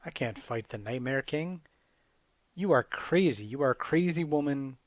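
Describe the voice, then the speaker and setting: A man's voice: mid-range voice, expressive, normal speed, no echo, lightly acted. A man voicing a naive, whiny seven-year-old boy hero who sounds exasperated.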